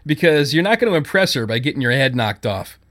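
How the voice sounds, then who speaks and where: A man's voice: medium pitch, very animated, fairly bright tone. A man reading a story, voicing a smirking tough man who mocks his rival. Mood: taunting. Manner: mocking, quick.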